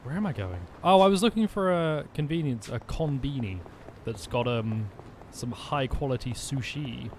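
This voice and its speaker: Lively chatty male game streamer. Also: mid-range voice, moderate pace, a little hiss or hum. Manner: chatty, rambling, jokey asides. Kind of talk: casual gameplay commentary.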